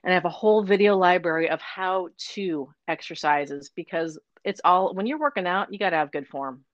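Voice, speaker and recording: A woman fitness coach chatting as a guest in an interview, upbeat and fast-talking. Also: on the low side, no room sound, lo-fi sound. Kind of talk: casual interview chat.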